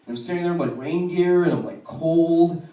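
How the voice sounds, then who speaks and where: A man in his twenties doing a stand-up comedy set in a club, telling profane, animated stories with quick asides. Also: on the high side, echoey room, distant mic.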